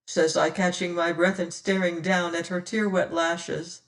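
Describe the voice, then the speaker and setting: An audiobook narrator telling a classic adventure novel in the first person, slow and measured. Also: mid-range voice, flat delivery, recorded from a distance.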